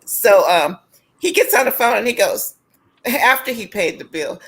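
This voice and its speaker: A married woman chatting on an online call, telling a story with many pauses and ums. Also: fairly high pitch, animated, creaky, breathy edge, poor audio. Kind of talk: casual chat.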